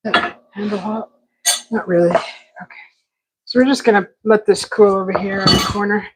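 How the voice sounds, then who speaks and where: A woman hosts a live cooking stream from her kitchen, chatting away and joking with the food on the stove. Her voice sits at a middle pitch. Faint kitchen noise runs underneath. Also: fairly even intonation, normal speed. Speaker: cooking show host. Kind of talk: casual live cooking chat. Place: home kitchen.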